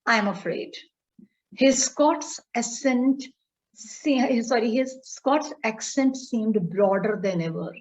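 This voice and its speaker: A woman's voice: on the high side, warm tone. A woman teacher with an Indian English accent, reading a story aloud in an online class, then explaining it line by line and asking students questions. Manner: reads a passage, then paraphrases it slowly and quizzes students. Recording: dull, lo-fi audio.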